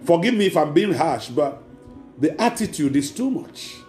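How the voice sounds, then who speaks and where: A man's voice: a little high, big pitch swings, normal speed, a little mellow. A man preaching a sermon as pastor, emphatic and repeating key words. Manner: emphatic preaching with acted quotes. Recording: echoey room with faint music.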